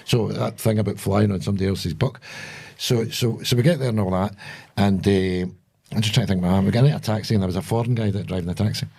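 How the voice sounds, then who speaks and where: A man's voice: fairly low pitch, steady tone, quick pace, vocal fry, a little mellow, breathy edge. A Scottish man, a guest comedian, telling a blunt, profane story in casual chat.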